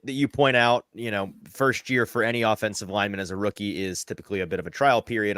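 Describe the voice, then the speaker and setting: A man hosting a live sports podcast, asking questions and steering the show along briskly. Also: lowish voice, fairly bright tone, no room sound, clean studio sound. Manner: brisk, keeps the show moving. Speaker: podcast host.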